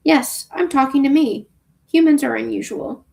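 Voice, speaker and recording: A woman's voice: sits high, normal speed, gravelly, dark tone. Woman reading as a wry stranded scientist man. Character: wry, nerdy male scientist stranded in space. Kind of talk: reading a novel aloud.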